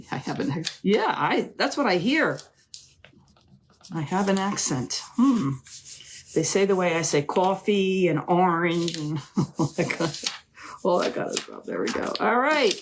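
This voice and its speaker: A woman's voice: fairly low pitch, very animated, slow pace, pauses often, a little hiss or hum. A middle-aged woman hosting a live crafting demonstration, chatty and gushing, often calling her viewers "ladies". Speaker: crafting live-stream host.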